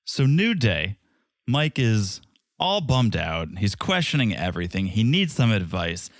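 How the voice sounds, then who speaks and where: Animated joking man, lively pitch. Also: a little slow, dry recording, clean studio sound. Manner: animated and joking, acts out quotes. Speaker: podcast co-host. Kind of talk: casual chat recapping a reality show.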